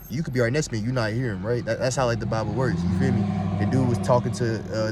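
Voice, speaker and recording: A man's voice: mid-range voice, noisy background. A man giving a blunt, streetwise spiritual monologue, talking straight to his viewers and asking "you feel me" again and again. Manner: gets loud and heated when arguing. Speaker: vlogger on spirituality. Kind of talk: casual preachy monologue.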